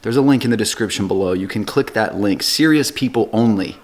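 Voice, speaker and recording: A man in his thirties, a fitness coach, talking casually to camera with relaxed fillers. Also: fairly low pitch, fairly quick. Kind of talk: casual vlog chat.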